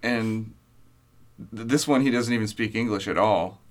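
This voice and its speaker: A man's voice: fairly low pitch, moderate pace. A man co-hosting a casual podcast chat who laughs often and quotes people in character.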